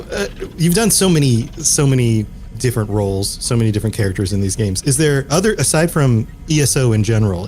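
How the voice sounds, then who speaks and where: A man hosting a podcast interview, chatty and quick to laugh. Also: mid-range voice, darkish tone. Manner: laughs easily, chatty and friendly. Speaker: podcast host. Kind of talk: casual interview chat. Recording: faint background noise.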